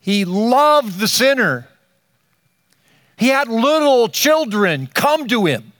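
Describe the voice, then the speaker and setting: An older man preaching a sermon, slow and emphatic, with dramatic pauses between phrases. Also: very high voice, big pitch swings, fairly bright tone, dry recording, clean studio sound. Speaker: pastor.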